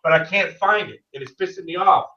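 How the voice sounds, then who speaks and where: A man, co-hosting a casual online show, animated and swearing freely. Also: high-pitched, brisk, highs cut off. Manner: animated, swears, calls people dude. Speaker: podcast co-host. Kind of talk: casual chat. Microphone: video call.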